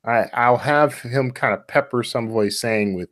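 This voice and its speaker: A man, an author guest, explaining his writing methods in a relaxed casual chat with lots of fillers. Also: medium pitch, moderate pace, dry recording, studio quality.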